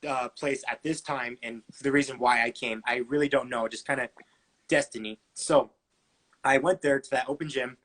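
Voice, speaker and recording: A man's voice: mid-range voice, fairly even intonation, normal speed, a bit bright. A man in his twenties, a podcast guest, telling his story casually with lots of fillers and acted-out dialogue. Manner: chatty, many fillers, acts out dialogue.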